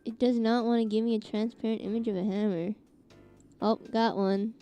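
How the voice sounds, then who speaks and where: A woman's voice: fairly high pitch, fairly even intonation, normal speed, warm tone, clear, resonant tone, faint music behind. A young woman from Canada chatting casually with her live-stream chat, giggling often and reacting to messages.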